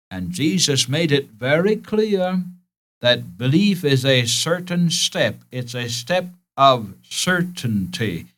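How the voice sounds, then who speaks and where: A man's voice: fairly high pitch, sing-song, takes it slowly, fairly bright tone. A man preaching a sermon in an earnest, emphatic way, repeating key phrases and speaking directly to his listeners.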